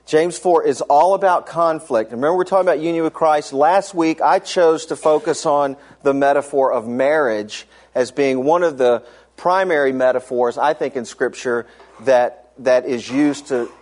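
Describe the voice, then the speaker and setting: A man's voice: fairly high pitch, moderate pace, darkish tone. A middle-aged man preaching a conversational sermon, telling personal stories with frequent fillers and restarts. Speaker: pastor.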